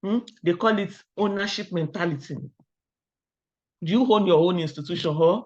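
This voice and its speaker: A middle-aged Nigerian woman giving a webinar talk, firing rhetorical questions at the audience and telling lively personal stories. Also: lowish voice, moderate pace. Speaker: academic webinar speaker. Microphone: video call. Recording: dull lo-fi online call audio.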